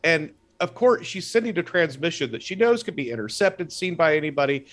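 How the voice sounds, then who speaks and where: A man's voice: a little high, big pitch swings, brisk, fairly bright tone. Man building a long argument in chat. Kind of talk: casual fan chat.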